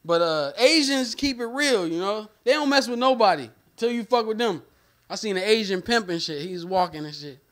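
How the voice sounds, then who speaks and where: A man's voice: high voice, expressive, normal speed, fairly bright tone. A man doing a stand-up comedy set, talking in loose slang, repeating lines and trailing off.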